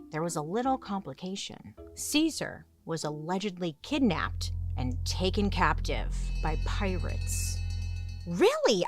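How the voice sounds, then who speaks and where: A young woman hosting comedic history storytelling, chatty and sarcastic, with dramatic swings. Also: fairly low pitch. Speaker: host.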